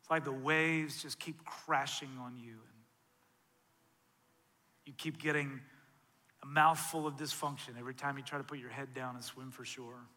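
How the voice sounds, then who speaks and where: Bright-voiced man preaching in a reverberant hall. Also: medium pitch, steady tone, moderate pace, long pauses. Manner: swings from loud, intense preaching to soft, hushed delivery. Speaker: pastor. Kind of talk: sermon. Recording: long reverb of a large hall.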